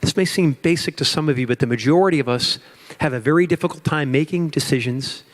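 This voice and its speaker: A man's voice: fairly high pitch, quick pace. A man giving a motivational keynote to an audience, with emphatic repetition and storytelling. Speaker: keynote speaker. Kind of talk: motivational speech.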